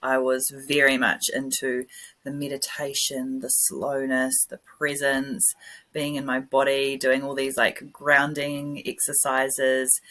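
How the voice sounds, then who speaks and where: A woman's voice: a bass voice, monotone, slow pace, a bit bright. A woman hosting a podcast interview, chatty and rambling, laughing often. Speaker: podcast host. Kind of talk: casual interview chat.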